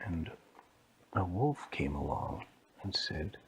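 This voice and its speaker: A man improvising a fairy tale in a soft, hushed, whispered storytelling style. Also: on the low side, a little slow. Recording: clear background hiss.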